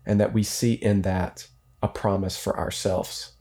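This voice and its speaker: Male priest co-host, low mellow voice, playful podcast banter, measured prayer reading. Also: steady tone. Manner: playful, reads prayers aloud in a slow measured cadence. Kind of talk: casual religious podcast chat.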